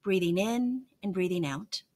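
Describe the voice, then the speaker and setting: A woman's voice: medium pitch, unhurried, warm tone, a little hiss or hum. A middle-aged woman telling an earnest, emotional personal story in a vlog. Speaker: vlogger.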